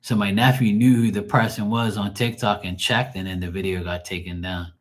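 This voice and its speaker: A man's voice: on the low side, steady tone, a little fast. A man chatting casually on a livestream, telling rambling, profane stories and laughing often. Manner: loose, rambling storytelling with heavy slang and profanity. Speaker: streamer doing live tarot reads.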